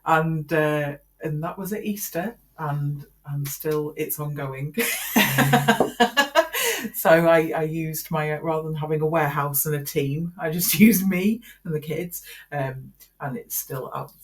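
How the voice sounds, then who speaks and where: A woman's voice: sits low, fairly even intonation, a little slow. A middle-aged woman chatting casually as a podcast co-host, rambling with frequent laughter. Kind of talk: casual chat.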